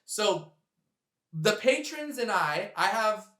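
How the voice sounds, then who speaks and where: A man's voice: high voice, big pitch swings, takes it slowly, bright, forceful tone, echoey room. A man talking straight to camera on his sailing channel, earnest and heartfelt as he addresses his viewers. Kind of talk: direct-to-camera vlog talk.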